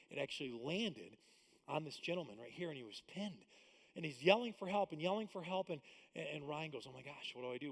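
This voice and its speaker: A man preaching a sermon as pastor, swinging from loud, animated exhortation to soft, intimate asides. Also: high-pitched. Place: church sanctuary. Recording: reverberant church hall.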